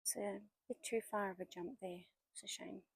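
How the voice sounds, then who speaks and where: A woman in her forties talks on a casual vlog as she walks through woods, chatty and storytelling. Her voice sits at an ordinary middle pitch, and now and then she drops to a whisper. The sound is close and dry, with no echo. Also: steady tone, normal speed, vocal fry, breathy edge. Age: 40s. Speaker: vlogger. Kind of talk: casual walking vlog narration. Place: outdoors in woodland.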